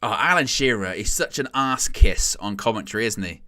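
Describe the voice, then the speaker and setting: Male watchalong commentator, bright edge, casual and wry, loud bursts at chances. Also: lowish voice, very animated, normal speed. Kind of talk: casual live match commentary.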